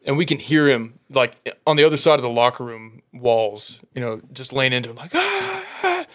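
A man telling animated football stories in casual chat, laughing often. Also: medium pitch, brisk.

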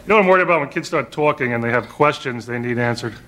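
A man from New York doing a stand-up routine in a deadpan, self-mocking manner, heard in an old recording with a loud crowd and noise. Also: medium pitch, racing. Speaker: stand-up comedian.

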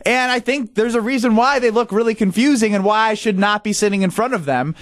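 A man's voice: high voice, brisk, no echo. A man co-hosting sports radio, talking in a self-deprecating, defensive, laughing way into a studio microphone.

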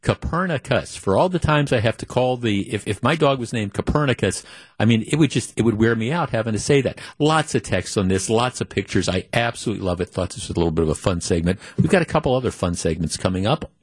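A man's voice: on the low side, expressive, fast talker, husky, dry recording, clean studio sound. Chatty middle-aged radio host man. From Wisconsin. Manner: chatty, rambling with many restarts. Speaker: radio talk show host. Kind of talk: casual radio talk. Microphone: studio microphone.

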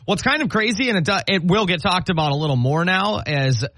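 A man's voice: high voice, a little fast, pushed and bright, no room sound. A man co-hosting a podcast in casual chat, chatty and thinking aloud with small restarts. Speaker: podcast co-host.

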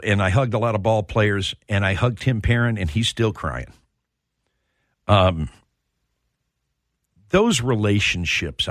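A man hosting a sports radio show, telling stories in a heartfelt, halting way. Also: mid-range voice, a bit bright, no room sound, clean studio sound. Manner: storytelling, emotional, repeats words when starting. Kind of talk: casual sports talk.

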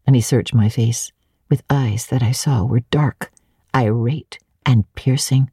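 A woman narrating a classic novel in the first person as an audiobook, with an expressive reading manner. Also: a bass voice, measured pace, dry recording, studio quality. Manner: expressive, clearly paced reading.

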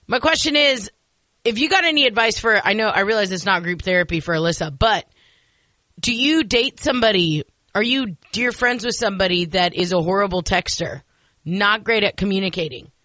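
A woman's voice: mid-range voice, animated, fairly quick, sharp tone, no echo. A woman hosting a radio show in casual chat, chatty and self-deprecating, speaking into a studio microphone.

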